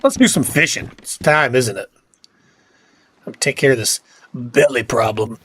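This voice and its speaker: A man's voice: medium pitch, unhurried, fairly bright tone, a little hiss or hum. A middle-aged man, chatting casually on a game livestream and ranting with cussing. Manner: fired-up ranting with cussing and laughs. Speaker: livestream gamer.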